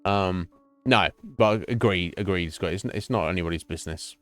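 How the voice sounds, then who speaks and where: A man's voice: sits low, normal speed, soft background music. A middle-aged British man chatting casually to his stream, blunt and sweary, rambling with many restarts. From Britain.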